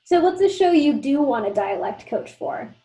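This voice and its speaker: A woman's voice: sits high, big pitch swings, moderate pace, mellow, rough recording. A woman interviewing a guest, asking short casual questions.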